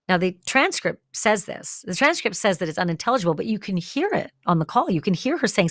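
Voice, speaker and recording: A woman's voice: medium pitch, big pitch swings, brisk, hardly any pauses, no room sound, clean studio sound. A woman hosting a true crime show, talking through the evidence step by step in a conversational way. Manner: acts out quoted lines with more energy. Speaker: true crime channel host.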